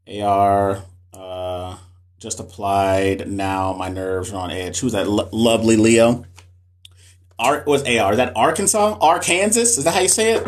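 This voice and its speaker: A man who is a nurse educator, chatting casually with viewers on a live stream, loose and slangy, often repeating himself. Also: on the low side. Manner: loose, slangy, repeats phrases, talks straight to chat. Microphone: phone or webcam for a live stream.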